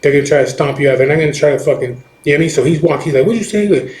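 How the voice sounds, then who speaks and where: Talking very fast in a steady, darkish voice on the high side, a middle-aged biker shares a personal story while recovering from chemo. It's casual, profane, rambling storytelling, full of restarts and "you know what I mean," recorded in an echoey room.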